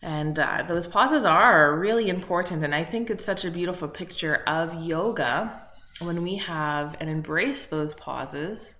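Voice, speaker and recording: A woman guiding a gentle yoga class from her home studio, calm and soothing, with chatty asides. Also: on the low side, unhurried. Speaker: yoga teacher. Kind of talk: guided yoga class instruction. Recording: very echoey home room with faint household noise. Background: household noise, TV news and dishwasher.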